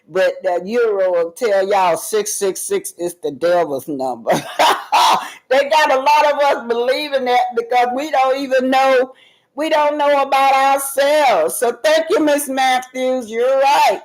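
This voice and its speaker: A woman's voice: fairly high pitch, a little mellow, poor audio. A woman hosting a casual live stream, reading viewer comments aloud and talking emphatically and directly to her audience. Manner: emphatic, addresses viewers directly, loose and talkative.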